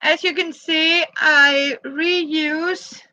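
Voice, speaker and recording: A woman whose first language is Danish shows off boots she made, in slow, halting English full of fillers. Her voice sits high and bright. The recording is dry and slightly dull. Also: steady tone, no room sound. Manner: halting, searching for words, many fillers. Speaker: crafter showing handmade boots. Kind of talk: casual show-and-tell.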